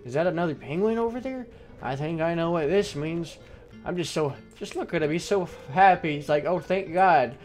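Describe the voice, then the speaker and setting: A man's voice: fairly high pitch, lively intonation, fairly quick, a little mellow, soft background music. A young man giving crude, sarcastic running commentary while playing a game. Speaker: gameplay commentator. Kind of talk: casual let's play commentary.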